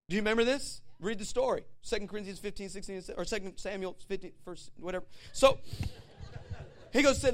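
A male pastor preaching a sermon, animated and conversational, asking the audience questions and acting out stories. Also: high-pitched, fairly quick. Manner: animated storytelling with acted voices and laughs.

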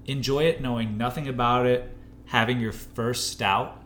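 A man with a bright, forceful voice co-hosts a beer podcast. He talks in an animated, teasing way and breaks into laughter easily. A faint noise runs under his voice. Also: medium pitch, moderate pace. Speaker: podcast co-host. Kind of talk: casual chat over beers.

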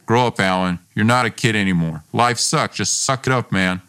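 A man's voice: on the low side, moderate pace, pushed and bright, smooth. A man reading the lines of a hot-tempered, domineering young man in a story podcast, blunt, scornful and swearing. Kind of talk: read dialogue in a story podcast.

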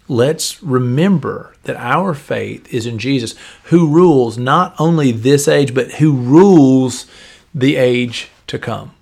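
Male pastor, podcast sermon, gravelly and a little husky, earnest, conversational, repeats phrases for emphasis. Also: mid-range voice. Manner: earnest, conversational preaching with repetitions.

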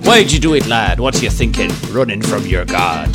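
A man's voice: on the low side, animated, moderate pace, lightly acted. A man singing as a rowdy pirate captain. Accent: put-on pirate voice drifting Irish. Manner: sung, boisterous, shouting to the crew. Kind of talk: comic song. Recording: loud guitar accompaniment.

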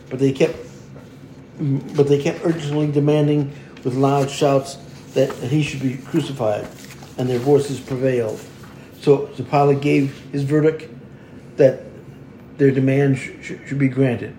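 A man reads a liturgical scripture passage aloud, stumbling now and then and restarting words. His voice is mellow and mid-pitched. The recording has a roomy echo and faint background noise. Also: flat delivery. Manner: halting reading with restarts. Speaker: worship leader. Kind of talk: liturgical reading and prayer. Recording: echoey room with faint noise.

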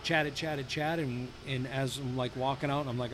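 A man hosting a casual podcast, telling animated stories and swearing freely. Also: medium pitch, normal speed, background noise. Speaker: podcast host, golf course superintendent. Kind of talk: casual chat. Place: brewery.

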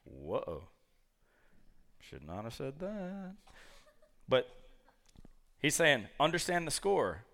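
A man preaching a lively sermon, acting out the characters of a Bible story. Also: medium pitch, slow pace, pauses often. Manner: animated, acts out quoted characters.

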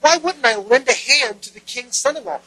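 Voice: high-pitched, lively intonation, normal speed, pushed and bright, pitched above the performer's own voice, heavily acted, rough recording. A preacher playing an earnest, bewildered priest. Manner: pleading rhetorical questions.

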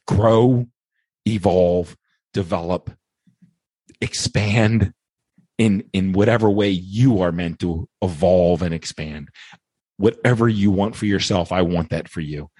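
A man's voice: sits low, darkish tone, slightly rough, no room sound. A man hosting a podcast, talking earnestly and emotionally, repeating phrases as he thanks his listeners. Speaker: podcast host. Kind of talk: heartfelt podcast monologue.

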